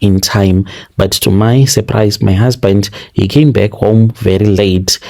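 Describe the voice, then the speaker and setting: A man with a Zimbabwean accent narrating a listener's confession in the first person, in an earnest, deliberate retelling that repeats phrases. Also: lowish voice, a little mellow. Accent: Zimbabwean English.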